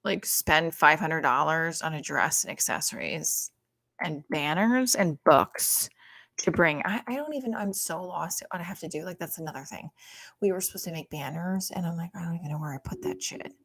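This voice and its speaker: Low-voiced woman doing rambling stand-up. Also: moderate pace, gravelly. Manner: rambling, profane, many "like" fillers; often hushed, talking quietly. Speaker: stand-up comedian. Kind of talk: casual stand-up on a livestream.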